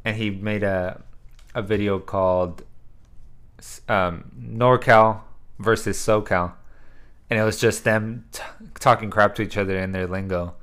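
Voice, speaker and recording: On a podcast he co-hosts, this man rambles through casual chat, swearing freely and leaning on plenty of fillers. His voice sits low with a steady, smooth, slightly bright tone, and he talks a little slowly.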